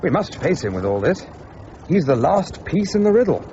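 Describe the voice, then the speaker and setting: An actor playing an English gentleman adventurer who narrates his tale, brisk and commanding, in a radio drama. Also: on the high side, sing-song, dull audio, slight background noise. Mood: urgent. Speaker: narrator and lead character.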